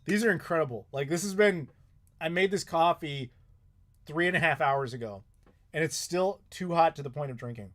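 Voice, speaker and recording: A man in his thirties talks through viewer questions on a live stream from his home. His voice sits a bit high for a man. He rambles casually, trailing off and restarting, with the odd curse word. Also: normal speed, a bit bright. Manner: rambling, chatty, with frequent swearing and laughs. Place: home in Chicago.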